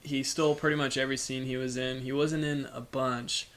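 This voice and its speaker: Male podcast co-host, even and level delivery, thoughtful casual film talk. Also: medium pitch. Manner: measured, hesitant, many fillers. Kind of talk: casual film review chat. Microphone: podcast microphone.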